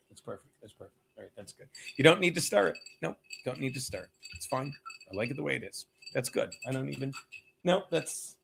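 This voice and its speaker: A man hosting a casual livestream, rambling, laughing and losing his train of thought as he gives shout-outs to the chat. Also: mid-range voice, creaky. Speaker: comedian hosting a livestream show.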